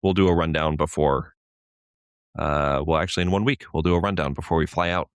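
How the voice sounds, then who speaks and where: A man co-hosting a sports podcast in a casual, chatty way, laughing often and getting animated when telling a story. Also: very deep voice, fairly quick, clean tone, no room sound, studio quality. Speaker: podcast co-host. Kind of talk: casual chat.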